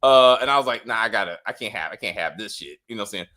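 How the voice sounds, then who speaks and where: A man hosting a casual show-review chat, animated and profane, often acting out the characters' lines. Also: fairly low pitch, very fast. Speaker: show review podcast host.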